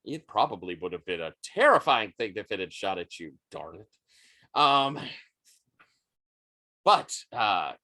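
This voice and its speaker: A man running a tabletop game as game master, taking his time and filling pauses with ums and uhs. His pitch moves a lot as he narrates, though he speaks slowly. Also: very animated, bright, forceful tone. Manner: unhurried, with frequent ums and uhs.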